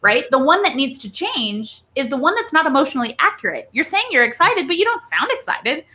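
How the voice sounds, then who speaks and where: A woman guest in an interview, explaining a charisma framework in an animated coaching manner with frequent "right?" check-ins. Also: high-pitched, fairly quick. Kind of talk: conversational interview.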